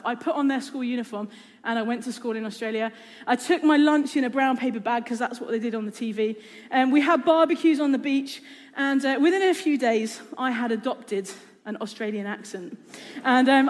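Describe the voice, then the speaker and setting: A British woman preaching a sermon in a chatty, conversational way. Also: on the high side. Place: church hall. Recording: echoey hall.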